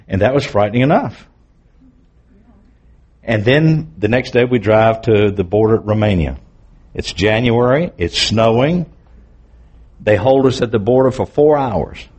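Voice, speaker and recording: A man's voice: mid-range voice, darkish tone. A man preaching who tells a personal testimony in an earnest, vivid way with candid asides.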